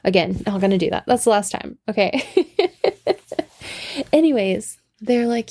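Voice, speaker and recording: A woman's voice: medium pitch, unhurried, long pauses, mellow, no echo. A woman in her thirties, a podcast host, telling a rambling casual story and interrupting herself with asides. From Washington state.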